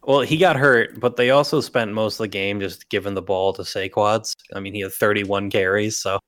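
A young man with a fairly low voice co-hosts a casual sports podcast. He talks in a laid-back, dry way and lets his sentences fade out quietly. The sound is close and dry. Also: steady tone, normal speed, no echo. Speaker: podcast co-host.

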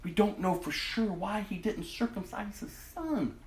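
A man preaching a sermon to his congregation, impassioned and dramatic, dropping to a hush and then rising to a loud cry. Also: sits high, expressive, a little slow, roomy sound. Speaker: pastor.

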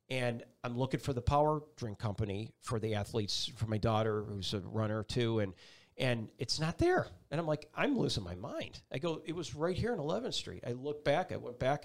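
A man's voice: mid-range voice, normal speed. A middle-aged man, a TV meteorologist and guest, telling a personal story with feeling and acting out the people in it. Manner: animated, acts out voices in his story.

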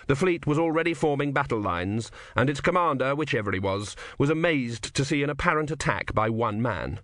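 A man reading a novel aloud as an audiobook narrator, telling the story in a wry, measured way. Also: medium pitch, lively intonation, fairly bright tone, no echo, studio quality. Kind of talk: scripted narration.

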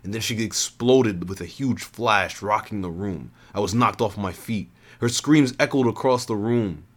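A man's voice: fairly low pitch, normal speed. A man reading a first-person story in an earnest voice, often stopping to restart and reread lines.

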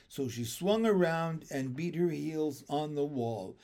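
A man reading a children's chapter book aloud in an expressive, lively storytelling manner. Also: fairly high pitch, unhurried, hardly any pauses. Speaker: reader.

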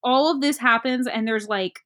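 A woman in casual chat, recapping a movie plot in a rambling, halting way with many fillers. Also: on the high side, a bit bright.

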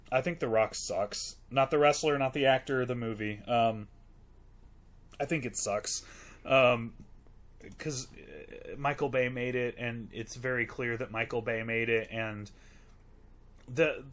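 A man's voice: medium pitch, fairly bright tone. A man in casual podcast chat about a movie, rambling and gushing, full of fillers and swearing. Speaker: podcast co-host reviewing a movie.

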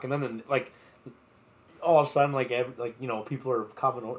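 A man's voice: mid-range voice, a little fast. A man co-hosting a podcast, telling a festival story in a rambling, filler-heavy way with plenty of swearing. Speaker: podcast co-host. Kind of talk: casual chat.

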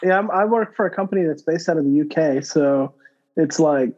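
A man with a notably high voice chats on a podcast, telling stories in an animated, excitable way. His sound comes through a little dull and lo-fi, as if from a modest home mic. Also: brisk. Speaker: podcast co-host. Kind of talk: casual chat.

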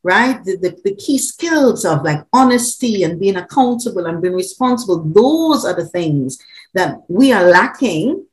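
A woman, talking as a parenting coach in an animated, laughing way. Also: mid-range voice, measured pace, low-quality recording. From Trinidad. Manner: animated, laughs often, repeats words when excited. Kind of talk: conversational interview.

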